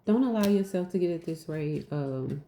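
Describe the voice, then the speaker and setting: A woman's voice: low-pitched, animated, moderate pace, mellow, roomy sound, slight background noise. A woman giving a casual spiritual message, repeating her points for emphasis and calling herself goofy. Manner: repetitive, emphatic, asks "right?". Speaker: spiritual teacher.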